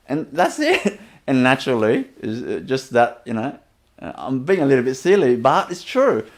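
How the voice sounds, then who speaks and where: A man giving a spiritual teacher's webinar talk, gently, chuckling often and repeating his phrases. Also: mid-range voice, sing-song, moderate pace.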